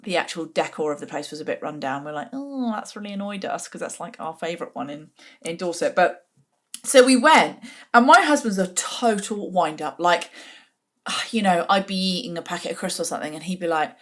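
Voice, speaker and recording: A woman's voice: fairly low pitch, animated, a little fast. A woman hosting a podcast, telling a story in a gossipy, chatty way and laughing often. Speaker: podcast host. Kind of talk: casual storytelling.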